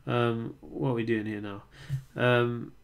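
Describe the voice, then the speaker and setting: A man's voice: mid-range voice, little pitch movement, takes it slowly, vocal fry. A young man from North Wales with a Welsh accent, hosting a casual livestream, reading viewer comments aloud and answering them with fillers and restarts. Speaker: livestream host reading chat.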